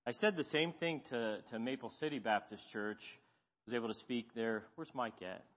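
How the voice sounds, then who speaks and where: A middle-aged man preaching as a guest pastor, folksy and self-deprecating, growing animated as he tells stories. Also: mid-range voice, moderate pace. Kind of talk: sermon with storytelling. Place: church sanctuary. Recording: dull sound, long church reverb.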